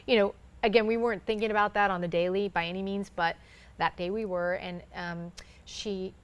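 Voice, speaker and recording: A woman's voice: medium pitch, steady tone, a little fast, clear, resonant tone, highs cut off. A woman in her thirties, a guest in a conversation, telling a personal faith story earnestly and acting out what others said.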